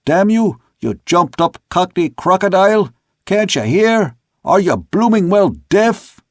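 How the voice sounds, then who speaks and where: A man voicing a gruff male ship's second mate who shouts orders at the crew. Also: medium pitch, fast, no room sound, clean studio sound, lightly acted. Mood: angry.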